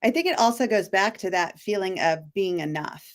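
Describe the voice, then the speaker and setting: A woman's voice: medium pitch, animated, normal speed. A woman co-hosting a live online talk show, speaking earnestly in a coach-like way and sharing stories from her work with clients. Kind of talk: casual live chat.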